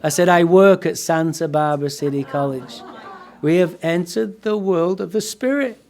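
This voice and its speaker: A man's voice: fairly high pitch, moderate pace, a little mellow. A man giving a comic, profane personal story to a live recovery-meeting audience. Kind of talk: humorous personal storytelling talk.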